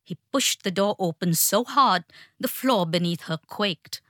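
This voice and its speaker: A woman narrating an audiobook in a measured, tense storytelling manner. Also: medium pitch, expressive, fairly bright tone, dry recording, studio quality.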